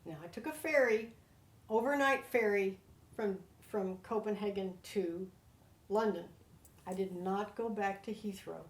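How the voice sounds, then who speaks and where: An older American woman, a guest, telling her own story with heartfelt, animated feeling. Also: medium pitch, unhurried. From United States. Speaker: interview guest. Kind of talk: personal storytelling. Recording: roomy echo.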